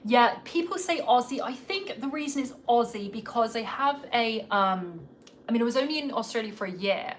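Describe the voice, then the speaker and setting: This English woman hosts a podcast livestream from home in Los Angeles, her accent slightly Americanized. She chats casually, rambling and poking fun at herself, in a slightly high, expressive voice at normal speed over slight background noise.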